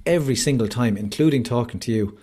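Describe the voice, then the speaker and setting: An Irish man speaks fast in a mid-range, warm voice as a podcast guest on a video call. He tells his story openly and earnestly, sprinkling in plenty of "like" and "you know," in the manner of a candid conversational interview.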